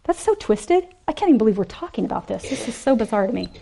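A woman giving an animated, emphatic sermon to a women's gathering, acting out the quoted voices. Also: fairly high pitch, quick pace, creaky. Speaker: speaker at a women's ministry event.

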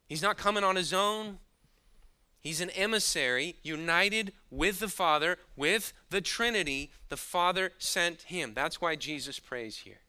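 A man preaching a sermon, moving between quiet, hushed asides and sudden loud bursts, and chuckling now and then at his own points. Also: sits high, unhurried, clear, resonant tone. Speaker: pastor.

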